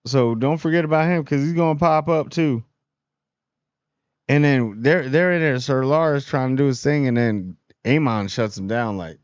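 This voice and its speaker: A man giving a casual, rambling spoiler review of a TV episode, full of slang and quick acted-out lines for the characters. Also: medium pitch, clear, resonant tone, no room sound, dull audio.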